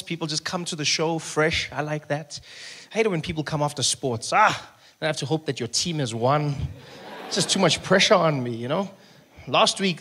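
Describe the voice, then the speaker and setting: A man's voice: on the high side, fairly bright tone. A male stand-up comedian, riffing chattily with the crowd. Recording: stage recording with background noise.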